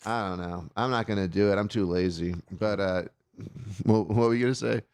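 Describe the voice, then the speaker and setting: A man with a low, smooth and resonant voice hosts a call-in show. He tells stories in a loose, rambling way, full of swearing and filler words. The sound is close and dry, with no room behind it. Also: fairly quick, darkish tone, no room sound. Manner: swears constantly, rambling rant with many fillers. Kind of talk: casual chat, storytelling.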